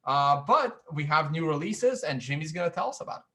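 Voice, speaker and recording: A man's voice: fairly high pitch, animated, fairly quick, bright, forceful tone. A man hosting a podcast, chatting casually and making self-deprecating asides. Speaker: podcast host. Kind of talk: casual chat.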